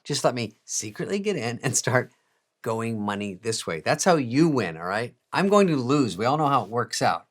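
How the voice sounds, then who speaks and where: A man's voice: medium pitch, very animated, moderate pace. A man doing a comic monologue in a sarcastic, profane and self-mocking way, chuckling at his own jokes. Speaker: comedian.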